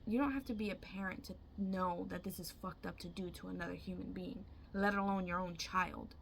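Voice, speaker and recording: Gravelly woman telling a dream. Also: on the low side, fairly even intonation, a little fast, slight background noise. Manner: chatty, emphatic, swears freely. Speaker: storyteller. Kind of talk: casual dream retelling.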